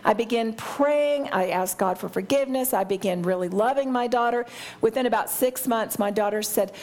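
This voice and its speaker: A woman's voice: on the high side, normal speed, a little mellow. An older woman teaching a Bible study, talking in an earnest, heartfelt way and often restarting her sentences.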